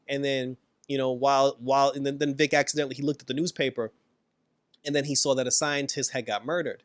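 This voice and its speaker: Recapping and reviewing a TV episode, a man stays animated, laughs often, and acts out the characters' lines. He talks fast at a medium pitch, and the recording has no echo.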